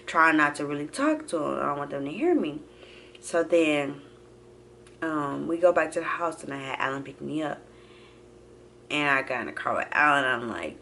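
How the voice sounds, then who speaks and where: A woman's voice: low voice, moderate pace, vocal fry, bright, forceful tone, a little hiss or hum. A young adult woman telling a personal story casually to her viewers. She acts out the quotes and keeps calling the audience y'all. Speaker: vlogger.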